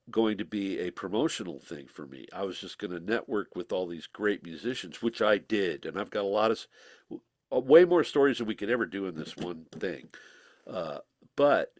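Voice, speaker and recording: A man telling stories as a guest in an interview, animated and laughing, slipping into voices when he quotes people. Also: fairly low pitch, dry recording, studio quality. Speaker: musician guest. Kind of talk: casual storytelling interview.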